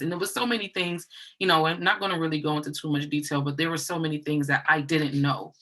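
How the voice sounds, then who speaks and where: A woman telling a personal story in casual conversation, earnest and halting, often repeating herself. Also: deep voice, steady tone, bright, forceful tone, rough recording.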